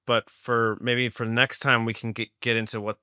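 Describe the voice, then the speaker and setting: A man's voice: mid-range voice, flat delivery, normal speed, bright, forceful tone, dry recording. A man hosting a podcast interview, wrapping up casually and hesitantly with lots of fillers. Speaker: podcast host.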